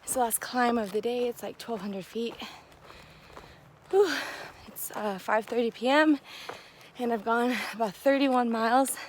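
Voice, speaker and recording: A woman with a fairly high, steady voice speaks unhurriedly, with slight background noise, while vlogging outdoors on a long-trail thru-hike. Her casual chat is chatty and full of fillers, she laughs often, and she sounds a little out of breath.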